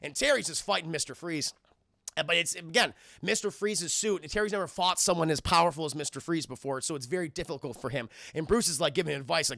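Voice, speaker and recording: A man giving a casual, excitable and profane commentary as a cartoon reviewer, often talking to his chat. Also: fairly high pitch, fast, vocal fry, dry recording, clean studio sound.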